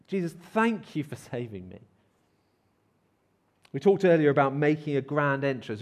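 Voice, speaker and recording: A man preaching a sermon in church, lively and acting out crowd shouts as he reads and explains scripture. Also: mid-range voice. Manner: animated, acts out crowd shouts.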